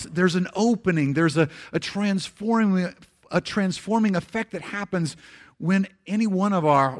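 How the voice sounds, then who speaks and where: Man preaching a conversational sermon. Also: high voice. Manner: conversational preaching, slows for scripture and drops soft for emphasis; repeats words and restarts phrases. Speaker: pastor.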